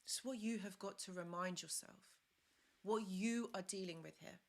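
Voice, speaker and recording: A young woman hosts a live stream as a relationship advisor, offering earnest advice that repeats itself and pausing to read comments aloud and thank viewers. Her voice is mid-range and her pace moderate.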